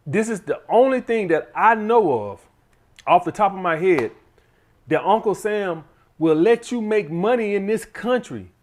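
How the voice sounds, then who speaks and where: A blunt man talks straight to his viewers in a casual, profane advice monologue, checking in with them again and again. His voice sits a little higher than most men's. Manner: blunt, profane, keeps addressing the audience as guys. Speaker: channel host giving money advice.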